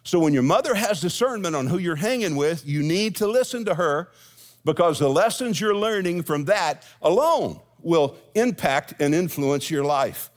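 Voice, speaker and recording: A man's voice: a little high, lively intonation, moderate pace. A middle-aged man preaching a sermon as senior pastor, folksy, telling jokes and stories to his congregation. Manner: folksy storytelling with jokes and asides. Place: church sanctuary with congregation.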